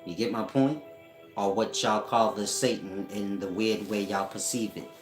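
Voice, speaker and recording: A man giving a casual spiritual teaching at home, talking slowly and often checking that listeners follow him. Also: on the low side, fairly even intonation, faint music behind. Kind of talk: casual esoteric teaching monologue. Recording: echoey room.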